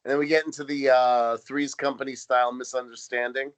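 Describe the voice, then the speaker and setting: Man, podcast co-host, wry, laughs often, mid pitch, casual recap. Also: little pitch movement, a little fast, smooth, no echo. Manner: wry, laughs often, retells scenes with quoted lines. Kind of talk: casual chat recapping a TV episode.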